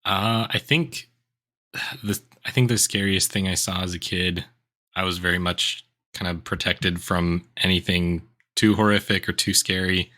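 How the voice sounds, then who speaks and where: A man speaking as a podcast guest in a measured, hesitant way. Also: deep voice, steady tone, sharp tone. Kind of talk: casual chat.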